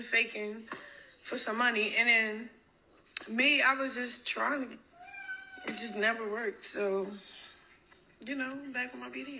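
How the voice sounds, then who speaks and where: Woman on a livestream, defiant and profane, very bright sharp voice, faint noise behind. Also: fairly high pitch, gravelly, rough recording. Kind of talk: livestream talk to viewers.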